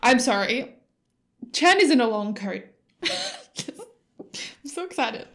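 A young woman hosting a casual reaction video, excitable and giggly and swearing often. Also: on the high side, slow pace. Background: music playing.

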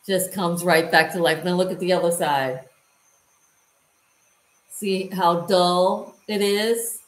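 Lowish and fairly bright, a woman's voice chats with viewers as she casually demonstrates a hands-on task. She's a lifestyle vlogger, and the recording has a roomy echo.

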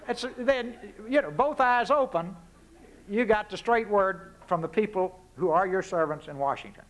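High-voiced Texan man giving a folksy speech. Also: lively intonation, normal speed, some chatter behind, a little hiss or hum. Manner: punchy, rhetorical questions, folksy asides. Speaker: guest speaker. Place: lecture forum before an audience.

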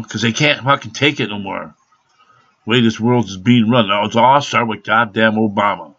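Husky man ranting, profane and loud. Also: on the low side, dull audio. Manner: profane, rambling, bursts of shouting. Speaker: vlogger. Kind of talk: angry rant to camera.

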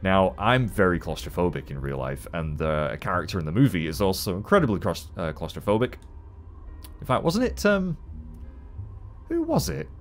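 A man giving chatty, animated gameplay commentary as a let's play host, swearing casually. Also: low-pitched, normal speed, soft background music.

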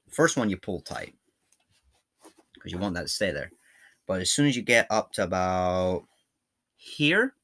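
Scottish man, low voice, bright and forceful tone, casual how-to tutorial, chatty, thinking aloud. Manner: chatty and informal, thinking aloud while working. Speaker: how-to video host.

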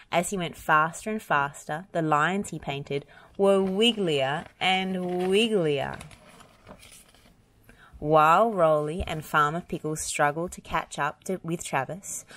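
A woman reading a children's picture book aloud, gentle and expressive. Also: low voice. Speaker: storybook reader. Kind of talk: children's read-aloud narration.

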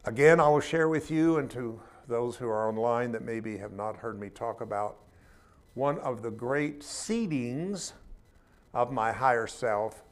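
A man teaching a spiritual class in an informal sermon style, talking in a conversational, emphatic way with humorous asides. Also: mid-range voice.

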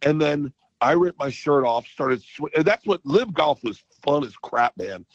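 Excitable man telling stories, muffled line. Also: on the high side, unhurried, dry recording. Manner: excitable storyteller, loud impressions. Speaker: comedian guest. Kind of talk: casual radio interview.

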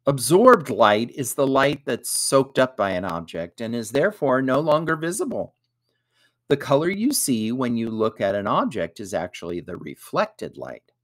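A man's voice: mid-range voice, very animated, normal speed, voice pushed up. A man voicing Samuel, an eager adult who patiently explains how color works. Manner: enthusiastic, explanatory.

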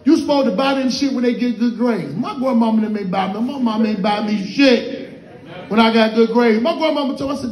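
A middle-aged man doing stand-up comedy in a club lounge, telling stories loudly with constant profanity. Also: very high voice, a little fast. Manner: loud, profane, animated storytelling. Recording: roomy club echo.

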